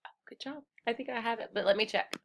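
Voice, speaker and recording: A woman's voice: fairly high pitch, quick pace, creaky. A woman teaching a kindergarten class through a screen-recorded computer lesson. She speaks in a cheerful, encouraging way and calls the children friends.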